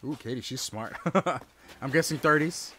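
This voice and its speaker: A man's voice: medium pitch, pushed and bright. Chatty man in his thirties streaming a game. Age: 30s. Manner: chatty, reads and answers chat aloud, quick exclamations at the game. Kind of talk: casual live-stream chat while gaming.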